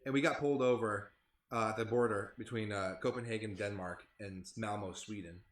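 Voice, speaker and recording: A young man in a band telling a tour story in casual podcast chat, animated and profane. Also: lowish voice, brisk. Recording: roomy echo.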